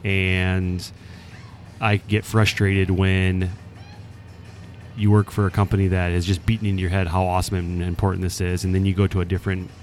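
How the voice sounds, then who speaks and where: A man's voice: deep voice, normal speed, faint music behind. A man casually telling a story on a podcast, acting out what people said along the way. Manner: animated storyteller, acts out quoted voices.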